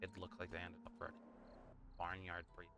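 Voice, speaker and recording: Deep-voiced male esports caster. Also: completely flat delivery, slight background noise. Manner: brisk, matter-of-fact calls. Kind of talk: play-by-play commentary. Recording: loud game gunfire behind.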